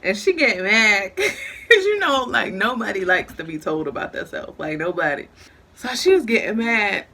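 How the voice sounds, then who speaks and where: A young woman vlogger telling a casual storytime, animated and laughing through it. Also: medium pitch.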